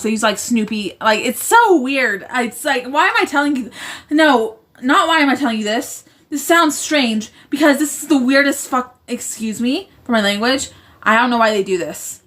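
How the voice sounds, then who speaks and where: A woman's voice: a little high, fairly bright tone. A woman hosting a casual livestream from home, reading viewer comments aloud and rambling, often stopping to correct herself mid-sentence. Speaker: livestream host. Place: indoors at home, roommate in the next room.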